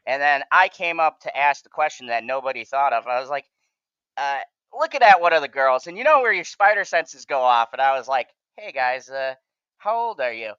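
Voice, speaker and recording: A man's voice: mid-range voice, animated, fairly quick, pushed and bright, smooth, dry recording, lo-fi sound. A man hosting a casual podcast chat, telling a rambling story and swearing freely. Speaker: channel host.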